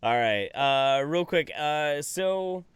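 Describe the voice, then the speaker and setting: A man's voice: on the high side, animated, takes it slowly, fairly bright tone, clean tone, dry recording. A man co-hosting a podcast who reads out viewer chat and makes crude mock confessions. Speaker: podcast co-host reading chat. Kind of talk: casual comedic chat.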